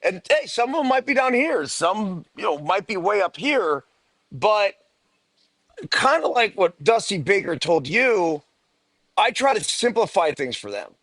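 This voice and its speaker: A middle-aged man with a notably high voice co-hosts a casual chat. He explains hitting ideas in a patient, measured manner. His sound is close and dry, with no room around it. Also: big pitch swings, a bit bright, no echo. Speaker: co-host, youth hitting coach.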